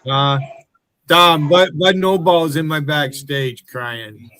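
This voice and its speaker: A man hosting a livestream, ranting angrily at his chat with heavy profanity, taunting viewers and breaking into loud outbursts. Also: on the high side, takes it slowly, smooth. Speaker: livestream host.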